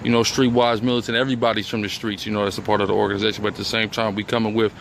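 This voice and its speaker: A man's voice: on the low side, little pitch movement, racing, gravelly, fairly bright tone, slight background noise. A man from a religious group talking in an outdoor interview, often adding "you see what I'm saying". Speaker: member of a religious organization. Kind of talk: casual interview talk.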